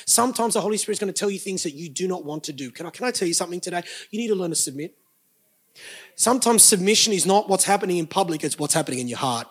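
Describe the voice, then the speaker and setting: A man's voice: high voice, expressive, very fast, husky. A man, preaching a sermon as pastor with emphatic bursts and joking asides to the congregation.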